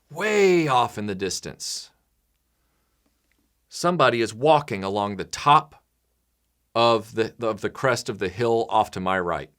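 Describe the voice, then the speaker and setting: A man speaking casually to his supporters in a lively, swooping voice of middling pitch. He rambles through a long setup, restarting phrases as he goes. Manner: animated, rambling storytelling with restarts. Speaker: creator addressing patrons. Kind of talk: casual monologue.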